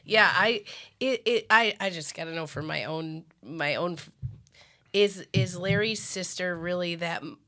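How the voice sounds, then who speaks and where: Woman host, bright voice, chatty, reacts a lot. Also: lowish voice, unhurried. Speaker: interview host. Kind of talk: casual interview chat.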